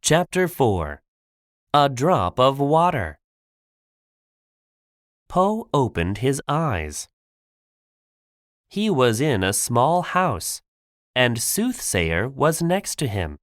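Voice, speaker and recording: A man narrating a simple graded-reader audiobook for learners, clear and deliberate. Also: medium pitch, sing-song, no room sound, clean studio sound.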